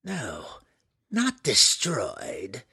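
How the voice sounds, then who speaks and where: A man voicing a centuries-old drow matriarch in an audiobook, imperious and desperate, with drawn-out, dramatic lines and sudden cries. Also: on the low side, wildly swooping pitch, creaky, pushed and bright, breathy edge, dry recording, clean studio sound, exaggerated voice. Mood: anguished command. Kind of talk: audiobook character voice.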